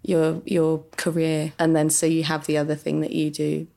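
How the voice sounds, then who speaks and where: A woman's voice: deep voice, monotone, normal speed, creaky, dark tone. A woman, a journalist and musician, chatting as an interview guest, laughing often and restarting her sentences. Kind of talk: casual interview chat.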